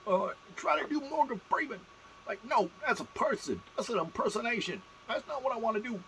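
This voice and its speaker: A man talking in a put-on squeaky, high-pitched voice, rambling and stammering. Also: lively intonation, fairly quick, gravelly, pushed and bright, a little hiss or hum, heavily acted, low-quality recording. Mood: ranting.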